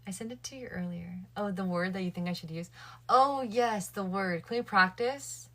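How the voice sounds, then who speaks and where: A woman's voice: medium pitch, moderate pace, a bit bright. A woman livestreaming late at night, chatting casually with her viewers and thinking aloud. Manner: chatty, addresses her viewers and chat directly.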